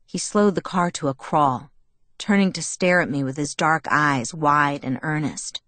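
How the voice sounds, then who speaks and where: Low-voiced woman narrating a novel. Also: a little slow, a bit bright, no room sound. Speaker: audiobook narrator. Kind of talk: first-person novel narration.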